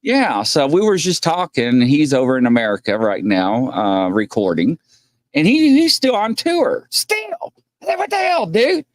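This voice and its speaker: A man's voice: mid-range voice, huge pitch swings, a little slow, no echo, clean studio sound. A man hosting a casual livestream, rambling and joking as he reads chat comments aloud and greets viewers. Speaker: host.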